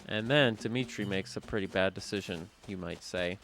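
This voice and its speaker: A man's voice: deep voice, normal speed, gravelly, fairly bright tone. A man casually rambling through a joking story while playing a game, offhand and jokey. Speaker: gaming channel host. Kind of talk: rambling storytelling over gameplay. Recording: music playing behind.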